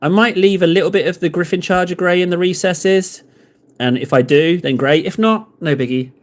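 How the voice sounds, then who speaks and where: Man, a bit high-pitched, casual live-stream chat, rambling, jokey, talks to chat. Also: moderate pace. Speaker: miniature-painting live streamer.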